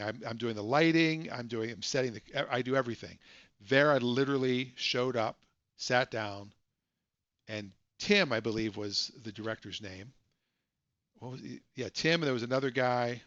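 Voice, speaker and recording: A man's voice: medium pitch, a bit bright, no room sound, dull audio. A man hosting a casual live stream, telling rambling stories and correcting himself as he goes, from a home setup. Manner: rambling, self-correcting storyteller.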